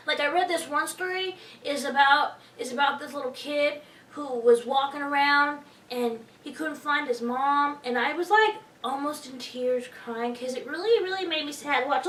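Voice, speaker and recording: A woman with a very high, girlish-pitched voice rambles excitedly and naively through a comedy sketch. She sounds set back from the microphone, and the room adds a clear echo. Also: moderate pace, a little hiss or hum. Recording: roomy and distant from the mic.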